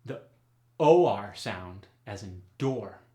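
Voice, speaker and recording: A man hosting an accent tutorial as a dialect coach, speaking clearly and deliberately as he announces each topic. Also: on the low side, expressive, dark tone, echoey room.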